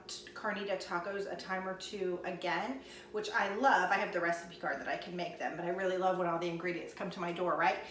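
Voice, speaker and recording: A woman's voice: mid-range voice, a bit bright, slight background noise. A woman chatting casually through a cooking vlog in her home kitchen, talking folksy to viewers. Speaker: cooking vlogger. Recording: echoey kitchen, voice from a distance.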